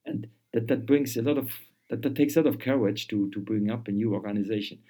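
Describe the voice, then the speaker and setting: Halting man, low mellow voice. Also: breathy edge. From Luxembourg. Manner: halting, repeats words while searching for phrasing. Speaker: guest. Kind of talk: conversational interview.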